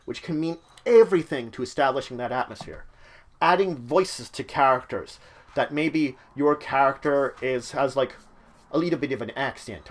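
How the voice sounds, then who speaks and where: A man's voice: mid-range voice, moderate pace. A man hosting his own channel, explaining game-mastering tips in a loose, conversational way with frequent fillers. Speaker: channel host giving game-mastering advice. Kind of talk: casual instructional talk.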